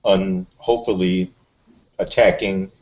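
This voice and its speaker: Deep-voiced male player, hesitant. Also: fairly even intonation, takes it slowly, muffled recording. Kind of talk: casual tabletop play.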